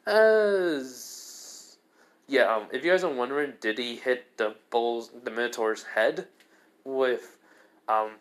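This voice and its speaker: A man's voice: medium pitch, a little slow. A man casually retelling a fan-made story, rambling with many fillers and restarts.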